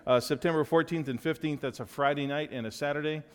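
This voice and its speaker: A man's voice: fairly high pitch, fairly even intonation, fast talker. A man, a pastor, giving upbeat, joking church announcements to his congregation. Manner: joking, upbeat, loose with fillers. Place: church sanctuary. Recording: long reverb of a large hall.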